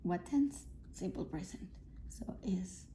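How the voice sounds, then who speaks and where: Woman teacher, very dark mellow tone, patient grammar lesson, checks in often, self-filmed. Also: on the low side, expressive, slow pace, in a whisper. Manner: patient, repeats key points, checks in with "okay?" and "right?". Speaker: English teacher. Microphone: self-filmed camera.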